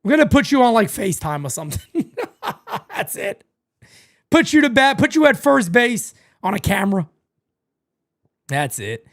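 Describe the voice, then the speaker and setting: In a high-pitched, sing-song voice at normal speed, a man hosts a live fan watch party and pauses often. He does play-by-play and chats with viewers, melodramatic in a playful way and fond of repeating phrases.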